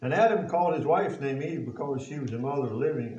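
Echoey, distant pastor preaching a sermon. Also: male voice, mid-range voice, expressive, quick pace, few pauses, a little mellow. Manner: preaches with rhetorical questions to the congregation; reads scripture aloud in old biblical wording. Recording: echoey, distant and dull-sounding.

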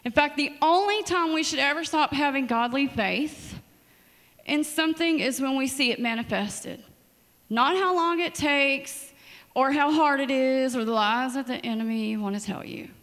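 A woman's voice: high voice, moderate pace, in a large hall. A woman preaching a sermon in a church, telling stories with dramatic asides. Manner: storytelling, lively and dramatic asides. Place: church sanctuary.

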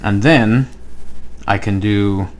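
A man's voice: on the low side, takes it slowly. A man teaching a language lesson online, explaining step by step and checking in with "okay?" as he writes on the screen. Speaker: Hebrew teacher.

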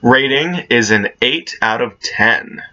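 A man reviewing a movie in a casual, relaxed monologue, with lots of filler "uh"s and easy laughs. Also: mid-range voice, slow pace, lo-fi sound.

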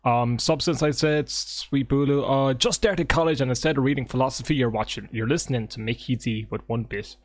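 A man streaming a game live, chatting casually with his viewers in an excitable, joking way and swearing often. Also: mid-range voice, a little fast, hardly any pauses, no room sound. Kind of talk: casual livestream chat with viewers. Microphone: desk microphone.

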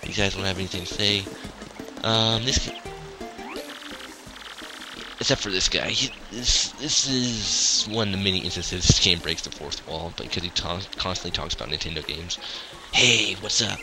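A man's voice: low voice, moderate pace. A man giving casual, hesitant commentary over a role-playing game and reading its dialogue aloud. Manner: hesitant, many fillers and restarts. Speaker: let's play commentator. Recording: game music underneath.

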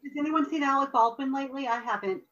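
A woman joining a casual podcast chat with quick remarks. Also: high-pitched, fairly bright tone. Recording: dull, distant mic.

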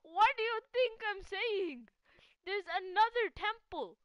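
A woman giving casual live gameplay commentary as a gaming channel host. She is excitable, laughs often and teases a teammate. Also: very high-pitched, takes it slowly, no echo, highs cut off.

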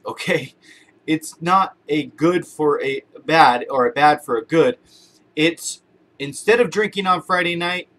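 A man's voice: a little high, a bit bright, slight background noise. Casual motivational man talking to camera. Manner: conversational, repeats phrases, uses everyday examples. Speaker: motivational vlogger. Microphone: camera-mounted shotgun mic.

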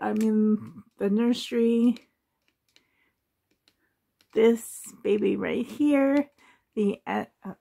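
A woman's voice: fairly high pitch, darkish tone. A woman chatting casually in a home nursery, rambling and gushing, often laughing. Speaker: doll collector vlogger. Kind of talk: casual rambling vlog chat.

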